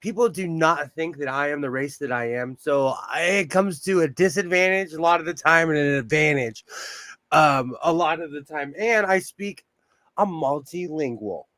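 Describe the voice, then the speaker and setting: A man's voice: on the high side, moderate pace, sharp tone, no echo. A man in a casual, joking group chat on a livestream.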